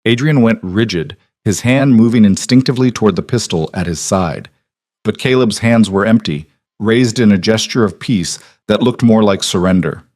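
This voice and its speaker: A man narrating a historical romance audiobook in a measured, dramatic storytelling voice. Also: fairly low pitch, darkish tone, dry recording, clean studio sound.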